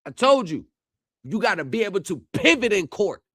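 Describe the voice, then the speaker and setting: A man live-streaming reactions to court footage, talking straight to his viewers and shouting at the screen. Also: high voice, sing-song, normal speed, no room sound, studio quality. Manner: heated, yells at the screen; addresses viewers directly.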